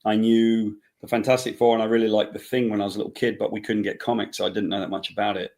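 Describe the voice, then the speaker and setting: A man with a lowish voice talks through a relaxed interview. He rambles, circles back and restarts his sentences. Now and then he acts out bits of dialogue as he tells a story. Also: quick pace. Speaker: comic book writer guest. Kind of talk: casual interview talk.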